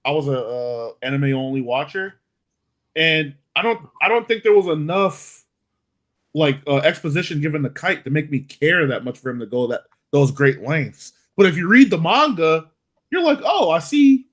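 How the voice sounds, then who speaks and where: A man in casual podcast chat who lays out his reasoning in long stretches. His voice sits a little high and moves a lot in pitch as he talks it through. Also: expressive, moderate pace, a bit bright. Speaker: podcast co-host.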